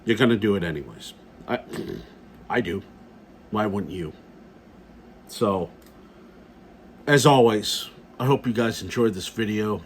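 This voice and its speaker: A man's voice: fairly low pitch, measured pace, long pauses, a little hiss or hum. A middle-aged man ranting casually in a video blog, blunt and profane, repeating himself as he talks. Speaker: gun vlogger.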